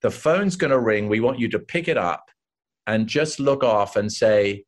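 An older English man, an actor guest, telling animated stories in an interview and acting out the voices of the people in them. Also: medium pitch, normal speed. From England. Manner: animated anecdotes, acts out voices of others. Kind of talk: casual interview storytelling.

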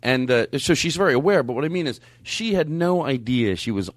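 An excitable man hosts a podcast and rambles, often restarting his sentences. His pitch swings widely. The room sounds dry. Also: fairly quick, no room sound. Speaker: podcast host. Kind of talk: casual podcast chat.

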